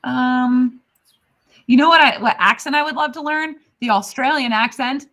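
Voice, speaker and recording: A woman's voice: high voice, moderate pace, pushed and bright. A woman guest who lives in Texas, chatting casually on a talk show, laughing often and poking fun at herself. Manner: laughing, chatty, self-deprecating. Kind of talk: casual chat.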